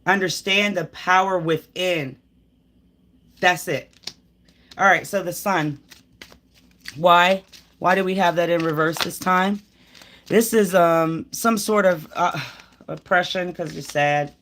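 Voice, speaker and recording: A woman with a lowish, slightly bright voice gives a live tarot reading, speaking slowly with long pauses over faint background noise. She addresses the viewer directly in an emphatic, preachy spiritual pep talk, rambling with sighs and restarts.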